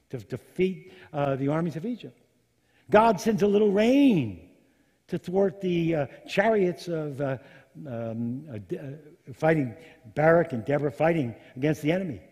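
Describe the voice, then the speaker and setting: Middle-aged pastor preaching, husky and mellow, big echoey hall. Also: male voice, a little high. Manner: animated storytelling, acting out biblical characters. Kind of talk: sermon. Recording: long hall reverb.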